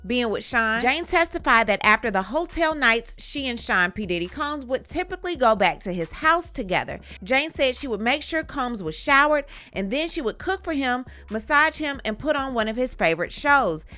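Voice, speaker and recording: A woman hosting a commentary channel, briskly reading court testimony aloud with short reaction asides. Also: a little high, sing-song, bright, forceful tone, faint music behind.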